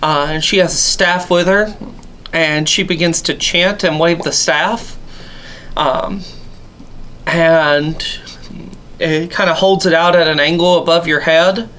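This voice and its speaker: A game master narrating a tabletop game in a relaxed, rambling way. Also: medium pitch, slow, slight background noise.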